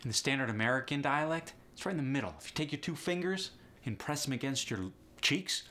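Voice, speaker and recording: A man's voice: medium pitch, animated, a little fast, bright, forceful tone. A man hosting an instructional accent lesson in a jokey, teasing way. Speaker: accent coach and host.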